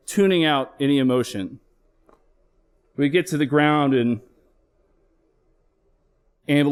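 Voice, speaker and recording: A middle-aged man, a flight paramedic, telling a candid personal story on stage with earnest emotional swells. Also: medium pitch.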